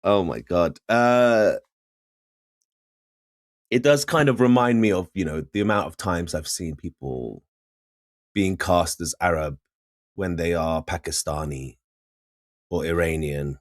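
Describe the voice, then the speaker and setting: A young man from Syria co-hosts a podcast with a very low voice. The sound is dry and close, and he tells animated stories, laughing as he goes. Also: measured pace, long pauses, no room sound. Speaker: podcast co-host. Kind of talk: casual chat.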